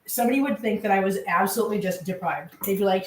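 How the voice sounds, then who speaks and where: A woman's voice: medium pitch, quick pace, darkish tone, far from the mic, slight background noise. A woman vlogging as she cooks dinner at home, chatting away to her viewers and her cats. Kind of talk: casual chat while cooking. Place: home kitchen. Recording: echoey kitchen from off-mic.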